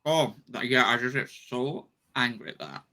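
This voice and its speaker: An excitable man on a podcast who swears freely and laughs loudly as he chats. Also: medium pitch, moderate pace. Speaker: podcast co-host. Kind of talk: casual chat.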